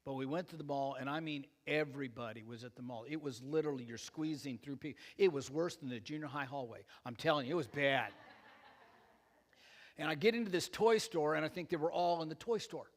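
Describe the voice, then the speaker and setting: A man's voice: a little high, fairly quick, big-room sound. An older man preaching a sermon as pastor, telling stories with self-deprecating jokes and asides to the congregation. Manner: joking, self-deprecating storyteller. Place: church.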